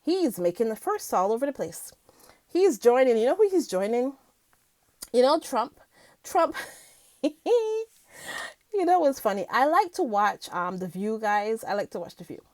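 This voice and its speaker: A woman's voice: on the high side, sing-song, measured pace, long pauses, a little mellow, no room sound. A woman vlogger chatting casually to her viewers about the news, giggling often and filling her talk with ums. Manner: chatty, giggly, lots of fillers.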